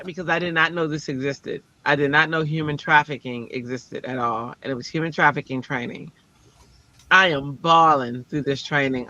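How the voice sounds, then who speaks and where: Animated, bright-voiced male storyteller. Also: medium pitch, dry recording, muffled recording. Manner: animated, dramatic storyteller who acts out quotes. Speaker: co-host of a crafting livestream. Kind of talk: casual storytelling chat.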